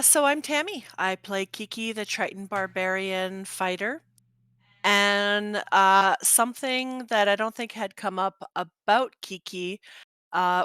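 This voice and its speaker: A woman's voice: mid-range voice, sharp tone, clear, resonant tone, dry recording. A woman introducing her tabletop character in casual chat, laughing and swearing freely. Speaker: player.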